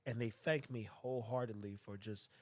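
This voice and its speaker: Blunt, profane podcast host. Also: male voice, lowish voice, fairly even intonation, normal speed, a little mellow, no room sound. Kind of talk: casual chat.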